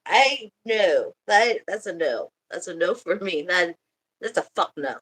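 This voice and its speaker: A woman's voice: lowish voice, expressive, a little slow, a bit bright, breathy edge, low-quality recording. A woman hosting a livestream in casual chat, laughing often and swearing. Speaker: livestream host.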